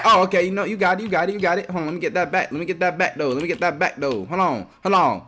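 A young man giving trash-talking commentary over his gameplay, swinging between loud taunting shouts and low muttering. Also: expressive, fast, hardly any pauses, over music, crowd noise. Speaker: gaming streamer.

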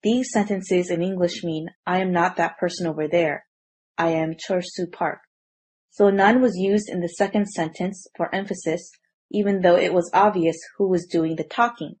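A woman with a fairly low, husky voice narrates a scripted grammar lesson. She explains each point clearly and gives example sentences in a steady, measured way. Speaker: language teacher.

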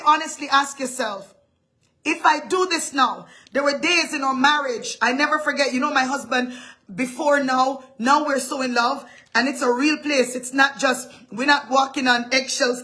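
A woman's voice: high voice, sharp tone. A middle-aged woman pastor delivering a live-streamed sermon in an emphatic, dramatic manner.

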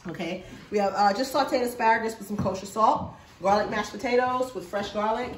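A woman's voice: medium pitch, brisk, a little hiss or hum. A woman cook walking people through the meal she made, in a friendly, matter-of-fact way. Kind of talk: describing a meal. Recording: echoey room, far from mic, crowd.

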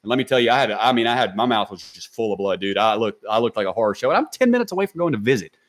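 Guy rattling off a story real fast on a podcast, cussing a lot, lots of slang, animated. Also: fairly low pitch. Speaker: podcast guest. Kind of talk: casual storytelling.

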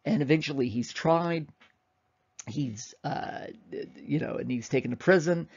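A man's voice: fairly high pitch, measured pace, gravelly, darkish tone, breathy edge, muffled recording. A man giving a casual, rambling history lecture, often correcting himself and acting out quotes.

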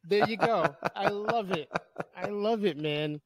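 A man's voice: sits high, a little slow, crowd noise. A man hosting an interview podcast, encouraging and upbeat with his guest. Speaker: podcast host. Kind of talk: casual interview conversation.

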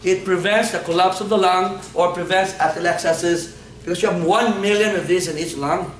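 A man's voice: sits high, fairly even intonation, a little fast. A man lecturing on anatomy in a classroom, playfully quizzing his students and laughing often. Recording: echoey classroom from far off.

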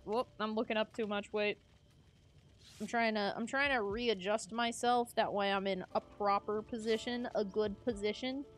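A woman's voice: mid-range voice, fairly even intonation, moderate pace. A young woman live-streaming a game, chatting casually, giggling and greeting her chat.

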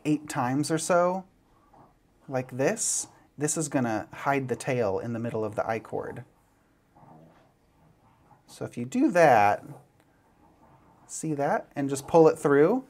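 A man's voice: medium pitch, a little mellow. A man giving a step-by-step knitting tutorial, chatty and playful as he demonstrates each move. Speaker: knitting instructor.

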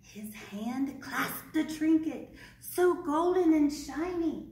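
A young woman librarian reading a picture book aloud at children's storytime, gentle and playful, asking the kids questions. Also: high voice, animated, slow pace. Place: public library room. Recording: echoey room, mic far off.

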